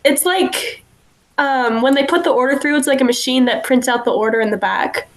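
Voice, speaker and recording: A young woman with a fairly high voice chats as a guest on a casual podcast. She tells stories in a bubbly, giggly way, leaning on "like" and little fillers as she goes. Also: normal speed. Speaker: actress guest.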